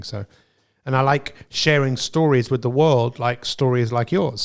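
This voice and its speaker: A man hosting a podcast interview, asking questions in an encouraging way. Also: medium pitch. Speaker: podcast host. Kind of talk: casual interview chat.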